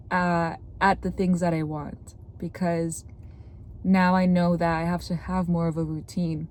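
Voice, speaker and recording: Mellow-voiced young woman with a sore throat. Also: medium pitch. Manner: chatty, earnest, with many "like" fillers. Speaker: content creator. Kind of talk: casual talking-to-camera advice.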